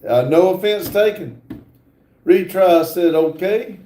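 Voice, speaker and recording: Slow-talking man reading his stream chat. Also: sits high, mellow, a little hiss or hum. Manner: reads viewer comments aloud, drawls with fillers. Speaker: livestream host reading chat. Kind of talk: casual livestream chat. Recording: echoey room.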